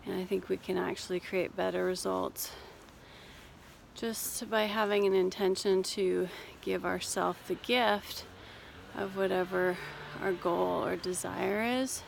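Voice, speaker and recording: A woman coach talking casually while walking outdoors up a hill, gentle and reassuring, a little out of breath. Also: lowish voice, fairly even intonation, unhurried, creaky, a little hiss or hum. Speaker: life coach and therapist. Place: outdoors on a cold hill walk.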